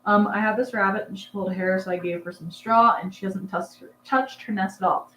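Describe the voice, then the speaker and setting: A woman's voice: mid-range voice, fairly even intonation, brisk, pushed and bright, roomy sound, slight background noise, rough recording. A young woman hosting a casual livestream, chatting and answering comments in a rambling, filler-heavy way. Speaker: livestream host, rabbit breeder. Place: dark barn at night.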